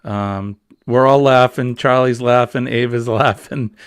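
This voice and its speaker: A man's voice: medium pitch, fairly even intonation, measured pace, smooth, dry recording. A middle-aged man hosting a casual morning chat show, rambling and jokey. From New England. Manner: rambling, jokey, easily amused. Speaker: host.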